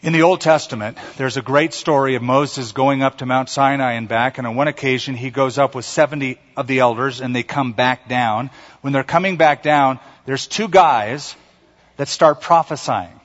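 A man's voice: medium pitch, moderate pace. Preaching man in a reverberant hall. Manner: animated preaching, acts out quotes and calls for congregation response. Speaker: pastor. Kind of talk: sermon. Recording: dull sound with long hall reverb.

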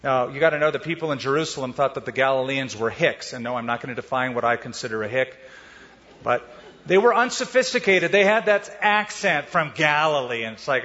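A medium-pitched pastor preaches with an expressive, forceful, bright tone at a brisk pace. He works through the Bible expository-style, dropping casual asides and rhetorical questions, and the audio is dull with long hall reverb.

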